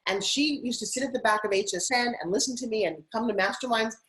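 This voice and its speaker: A middle-aged woman, a TV host and spokesperson, telling animated stories as an interview guest. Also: on the high side, poor audio. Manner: animated, rapid anecdotal telling. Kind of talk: casual interview storytelling.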